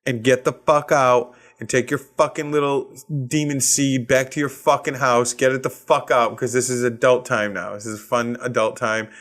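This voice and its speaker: A Boston-accented man hosting his own comedy podcast. He rants sarcastically and swears constantly, in a mid-pitched voice into a podcast mic. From Massachusetts. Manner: profane, ranting, sarcastic. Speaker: podcast host. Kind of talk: solo comedic rant.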